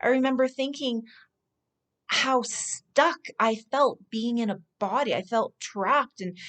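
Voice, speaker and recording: A woman speaking as a spiritual speaker, telling personal stories in an earnest, unhurried way with soft laughs. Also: a little high. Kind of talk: personal storytelling monologue.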